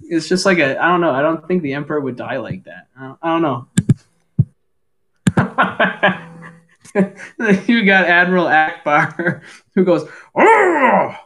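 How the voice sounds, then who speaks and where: A young man co-hosting a casual podcast, laughing often as he runs through quick grunts and death-cry impressions. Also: on the high side, bright, forceful tone. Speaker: podcast co-host. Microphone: home microphone.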